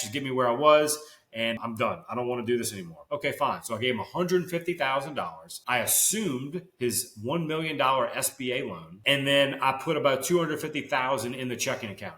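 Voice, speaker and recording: A man as an interview guest tells his business story with energy and emphasis, dropping "man" and "you know" all through. His voice sits at an ordinary middle pitch. The room around him adds a clear echo. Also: a bit bright. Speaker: business owner and investor guest.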